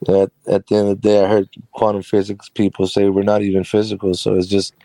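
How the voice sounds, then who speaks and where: Low, mellow-voiced man telling a story. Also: monotone, quick pace, no room sound. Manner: chatty and rambling, laughs often. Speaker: guest, carpentry business owner. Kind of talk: casual storytelling interview.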